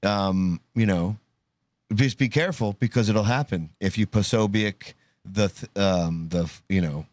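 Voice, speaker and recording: A man's voice: on the low side, measured pace, no echo. A man hosting a call-in talk show, joking and swearing in casual banter. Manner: joking, profane, animated.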